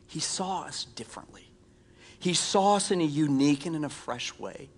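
Higher-voiced male pastor preaching. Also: lively intonation, normal speed. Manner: conversational preaching, drops to a hushed whisper for emphasis; self-deprecating humor with laughs. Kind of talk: sermon.

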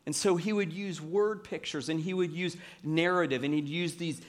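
A man's voice: on the high side, fairly even intonation, moderate pace. A man in his thirties preaching a sermon as pastor, talking in a chatty, self-mocking way with lots of fillers.

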